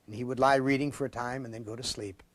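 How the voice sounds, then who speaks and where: A man in his late fifties from Ohio, reading his own story aloud and then giving sardonic commentary in a dramatic, expressive way. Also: mid-range voice, fast, no echo. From Ohio, USA. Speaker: host and author.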